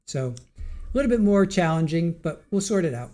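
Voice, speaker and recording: Reading out comments from viewers, a man hosting a live stream talks in a very animated, rambling way at a moderate pace, often starting over. His voice is warm and a little high.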